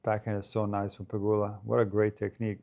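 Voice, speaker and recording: A man hosts a casual live stream, calling a tennis match shot by shot. His voice is mellow and warm, and his chatty delivery lifts at the big points. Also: lowish voice, fast, gravelly. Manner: chatty play-by-play, rising in excitement at big points. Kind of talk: casual live watchalong commentary.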